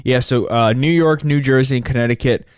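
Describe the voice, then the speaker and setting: A man's voice: mid-range voice, a little fast, clear, resonant tone, no room sound, studio quality. A man in his twenties hosting a solo podcast, rambling and frustrated, swearing often as he talks. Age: 20s. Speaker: podcast host.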